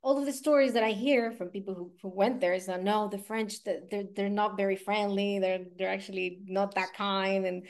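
A woman's voice: mid-range voice, fairly even intonation, normal speed, few pauses, a little mellow. A woman hosting a casual conversation, reflective and full of "you know" fillers. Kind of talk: casual chat.

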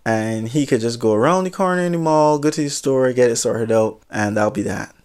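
A man telling a story in a casual, chatty way, full of asides and animated commentary. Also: mid-range voice, fairly quick, clean tone.

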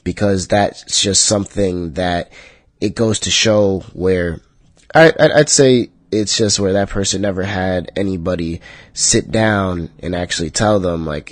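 A man with a lowish voice delivers a solo podcast monologue, cursing freely and ranting with rising heat. His voice jumps up high and loud whenever he gets worked up. The sound is dry and close, with no room around it. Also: unhurried, dry recording. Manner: profane, heated ranting that spikes high and loud. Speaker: podcast host.

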